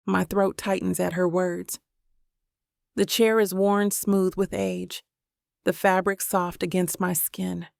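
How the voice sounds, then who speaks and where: A woman's voice: lowish voice, little pitch movement, slow pace, gravelly, a little mellow, no echo. A woman narrating a first-person romance audiobook in a tender, reflective manner, recorded on a close mic.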